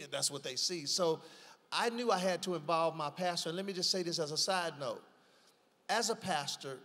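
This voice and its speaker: A man with a high voice, a pastor, tells his stories in an animated, preacherly way. His words ring out in a room with a long, lingering reverb. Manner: lively, preacherly, breaks into laughter while telling stories. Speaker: pastor, guest. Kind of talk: animated storytelling in casual conversation.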